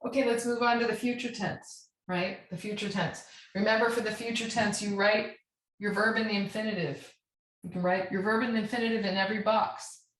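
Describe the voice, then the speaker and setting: A woman's voice: mid-range voice, steady tone, a little fast. A woman teaching a Spanish grammar lesson, patient and checking in often as she spells out verb endings. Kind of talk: classroom lesson. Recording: echoey room.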